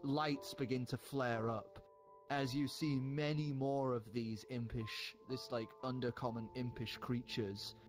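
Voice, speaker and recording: A man narrating a tabletop game as game master, in a relaxed, descriptive way. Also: medium pitch, unhurried, soft background music.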